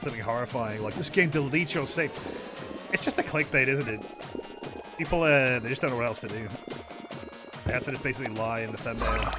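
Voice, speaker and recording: A man's voice: medium pitch, fast talker, long pauses, music in the background. A man streaming a game, rambling and joking, swearing a lot and mumbling asides. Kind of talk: casual gameplay commentary.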